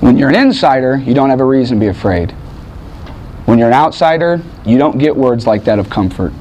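A man preaching a sermon, dramatic, swinging from loud bursts to hushed lines and acting out quotes in voices. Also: mid-range voice, lively intonation, a little fast, dull audio, slight background noise. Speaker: pastor.

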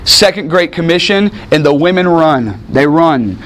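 A man preaching a sermon, dramatic, swinging from loud bursts to hushed lines and acting out quotes in voices. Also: a little high, expressive, fairly quick, few pauses, a little hiss or hum. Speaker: pastor.

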